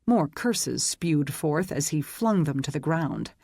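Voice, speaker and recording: An audiobook narrator reading a dark fantasy story in a steady, even storytelling manner. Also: mid-range voice, takes it slowly, vocal fry, no room sound, clean studio sound. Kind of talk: scripted narration.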